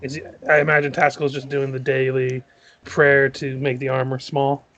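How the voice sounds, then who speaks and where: A man playing a tabletop game, chatting in a relaxed way and thinking aloud with ums. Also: mid-range voice, brisk, highs cut off. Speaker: player. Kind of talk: casual tabletop game chat.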